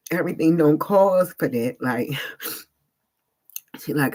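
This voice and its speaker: This vlogger's voice sits low, with a darkish tone and a slightly slow delivery. She tells a personal story casually, with lots of slang, emphasis and "like" fillers.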